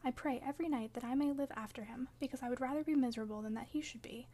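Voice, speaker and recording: A woman's voice: high-pitched, rapid-fire, dark tone. A woman reading the part of an earnest, devoted teenage girl in an audiobook reading. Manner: earnest, pleading.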